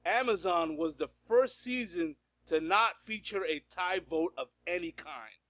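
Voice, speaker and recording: A man's voice: high voice, animated, unhurried, a bit bright, no echo, clean studio sound. A man hosting a casual interview, upbeat, laughing often and restarting his sentences. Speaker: podcast host.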